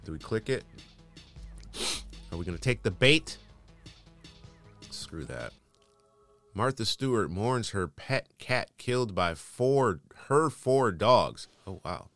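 A man's voice: lowish voice, lively intonation, slow pace, pauses often, fairly bright tone, faint music behind. A man hosting casual news commentary, reading headlines aloud and adding sarcastic, dismissive asides.

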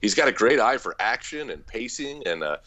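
A man's voice: mid-range voice, big pitch swings, brisk, sharp tone, no echo. A man joining a casual movie review podcast over a video call, talking over others with sardonic jokes.

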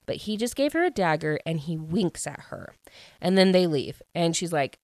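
A woman casually recapping a novel's plot, chatty and animated and full of fillers. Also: fairly low pitch, moderate pace, no echo. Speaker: book reviewer.

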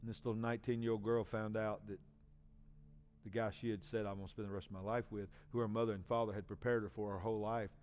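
A man in his forties, a pastor, giving an emotional personal testimony in a sermon, swinging from hushed to loud. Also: on the low side, level tone, quick pace. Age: 40s.

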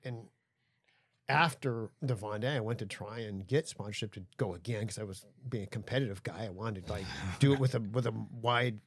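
A man's voice: lowish voice, brisk, husky, no echo. A middle-aged man, a guest on a podcast, chatting casually and telling stories, sometimes acting out other people's lines. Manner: relaxed storyteller, acts out voices in anecdotes. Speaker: guest, solo ocean racer. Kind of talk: casual chat. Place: aboard a boat studio.

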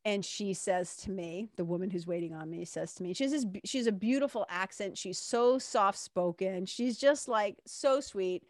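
A woman's voice: medium pitch, normal speed, hardly any pauses, no echo, studio quality. Earnest woman telling a personal story. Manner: earnest, reflective, re-enacts quoted dialogue.

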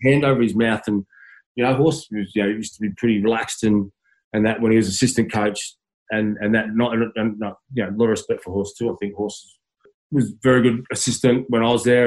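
An Australian man speaks with a fairly low voice, telling stories in a relaxed interview. He stumbles through restarts and repeated words, chuckling as he goes. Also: rough recording. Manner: halting, many restarts, laughs while telling stories. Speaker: former footballer, guest. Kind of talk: casual storytelling interview.

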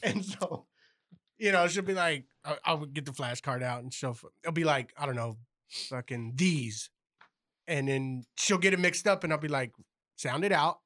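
A man with a high, bright voice, chatting on a podcast in a blunt, profane way. He laughs along as he tells his own story. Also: expressive, moderate pace. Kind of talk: casual podcast chat.

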